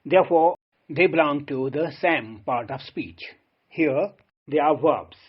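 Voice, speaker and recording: Slow, husky-voiced male teacher. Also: on the high side, muffled recording. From Kashmir. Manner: formal, explanatory, addresses listeners as dear friends. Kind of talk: recorded grammar lesson.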